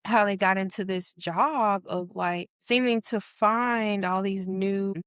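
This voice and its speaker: A young adult woman talking casually on a podcast panel, telling stories in an animated way with lots of fillers. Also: mid-range voice, slow, clean tone, dry recording, studio quality. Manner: chatty, many fillers, animated storytelling.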